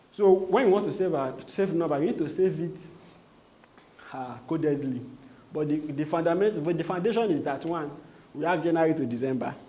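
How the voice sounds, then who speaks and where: A man's voice: fairly high pitch, dark tone. A man with a Nigerian accent giving a live training talk, quizzing the room and repeating his points. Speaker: sales trainer.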